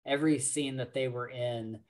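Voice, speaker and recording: A podcast co-host talks casually about books, with many fillers and frequent laughs. His voice is medium-pitched and steady, at a moderate pace.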